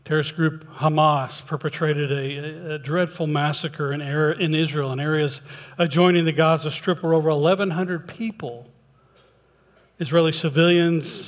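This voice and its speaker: A man preaching in a church, telling a folksy joke and then leading a prayer with hesitant restarts. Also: fairly high pitch. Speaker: lay preacher. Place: church sanctuary. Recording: long hall reverb.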